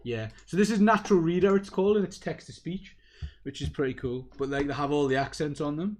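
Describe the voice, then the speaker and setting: Excitable rambling host. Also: male voice, fairly high pitch, fairly quick, a little hiss or hum. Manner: excitable, rambling, self-mocking. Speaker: livestream host. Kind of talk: casual livestream chat.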